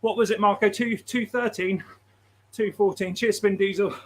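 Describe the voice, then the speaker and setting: Chatty guy hosting a live stream, fairly high voice, reads out chat and laughs alot. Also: steady tone, normal speed, slight background noise. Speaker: livestream host. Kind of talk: casual livestream chat.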